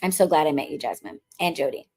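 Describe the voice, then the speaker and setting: A woman's voice: sits low, fast. A woman from the Bronx, a witchcraft coach and podcast host, telling a casual story in a chatty way and acting out what people said. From the Bronx, New York. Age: adult, married since before 2020. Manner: chatty, animated, acts out quoted dialogue.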